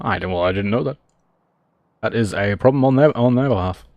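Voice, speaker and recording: A man's voice: fairly low pitch, fairly quick, darkish tone, dry recording. A man streaming a game, rambling and self-mocking as he talks to himself while he plays. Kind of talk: casual gameplay commentary.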